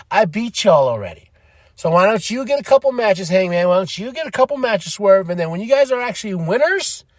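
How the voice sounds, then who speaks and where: A man's voice: sits high, no echo, pitched above the performer's own voice. A man voicing a smug, cocky male pro wrestler who mocks his rivals in a raised, taunting voice. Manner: mocking, taunting, dismissive.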